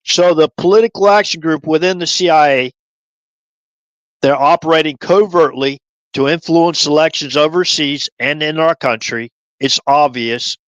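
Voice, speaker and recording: Brief: male streamer, rambling conspiratorial monologue, slightly high pitch, dry. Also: normal speed, dry recording, lo-fi sound. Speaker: livestream host. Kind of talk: rambling livestream commentary.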